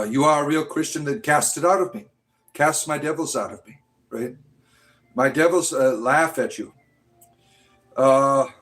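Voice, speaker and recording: A man's voice: on the high side, fairly bright tone. A man hosting a livestream in casual, provocative talk, mocking and taunting his viewers. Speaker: livestream host.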